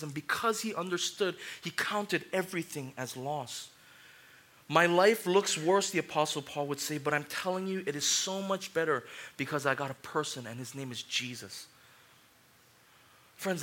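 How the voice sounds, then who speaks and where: A man, likely in his thirties, preaching a sermon as a pastor, telling personal stories with lively swings from loud excitement to quiet, somber reflection. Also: fairly high pitch.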